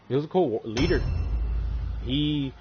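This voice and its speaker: A man's voice: medium pitch, unhurried, muffled recording, noisy background. A man streaming a game, casually retelling a story in a rambling way with lots of swearing. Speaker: gaming streamer. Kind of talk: casual lore retelling while playing.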